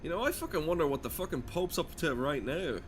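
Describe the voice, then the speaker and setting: A man's voice: on the high side, animated, quick pace, a little hiss or hum. A man giving casual, profane, rambling and cynical commentary while playing a game. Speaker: game streamer.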